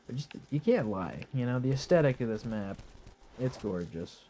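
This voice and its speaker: A young man talks through a game he is playing live, laid-back and rambling, with the odd casual curse. His voice is hoarse and his nose stuffed up, since he is lying in bed as he records. A faint background hiss sits under his mid-pitched voice. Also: sing-song, normal speed, warm tone. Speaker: gaming commentator. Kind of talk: casual live gameplay commentary.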